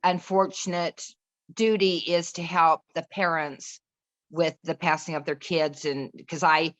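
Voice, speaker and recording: A middle-aged woman appears as a podcast guest, telling a personal story in a casual, earnest chat that rambles, restarts and quotes other people. Her voice is deep and fairly bright, with a flat delivery and a slightly slow pace.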